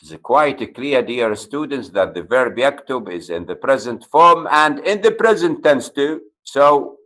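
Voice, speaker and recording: A man's voice: medium pitch, expressive, moderate pace, fairly bright tone, poor audio. A man with an Arabic accent, a native Arabic speaker, giving a university grammar lecture and stressing key words as he explains.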